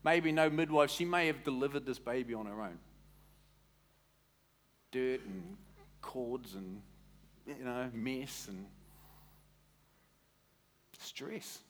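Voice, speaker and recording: A man preaching a sermon as a pastor, in an animated, conversational way that quizzes the congregation. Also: medium pitch, a little slow, pauses often, slight background noise.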